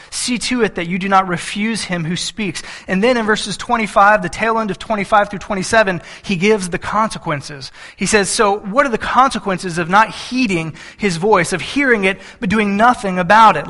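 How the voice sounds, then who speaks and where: Bright-voiced man preaching a sermon. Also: high-pitched. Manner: rhetorical questions to the congregation, reads verses aloud. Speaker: pastor. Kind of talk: expository sermon.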